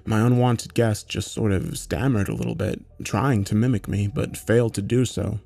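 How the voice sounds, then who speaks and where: A man narrating a horror story in a measured, matter-of-fact way, with occasional swearing. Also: on the low side, creaky, dark tone.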